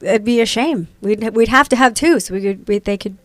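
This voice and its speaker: A woman in her thirties, appearing as a podcast guest, chats animatedly and acts out voices in her anecdotes. Her voice is fairly high and a little fast, with no room sound.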